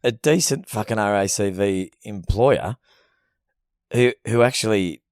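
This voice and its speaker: A man's voice: on the low side, unhurried, no room sound, clean studio sound. An Australian man co-hosting a podcast, riffing crude jokes in casual banter and swearing freely. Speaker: podcast co-host.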